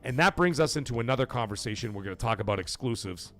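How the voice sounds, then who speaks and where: A man's voice: medium pitch, animated, fast, fairly bright tone, soft background music. A man hosting a gaming livestream, talking to chat in an emphatic, blunt way with swearing. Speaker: gaming show host.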